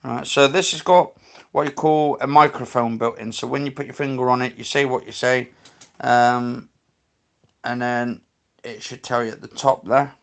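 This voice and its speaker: A man hosting a paranormal livestream in a casual, halting way, spelling out letters one at a time. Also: medium pitch, steady tone, vocal fry, fairly bright tone.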